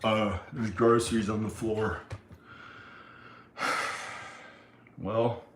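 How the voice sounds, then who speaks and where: A man vlogging at home, muttering slowly and quietly to himself. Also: fairly even intonation, echoey room, distant mic, slight background noise. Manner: slow, low muttering to himself. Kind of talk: rambling self-filmed vlog. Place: his house, indoors.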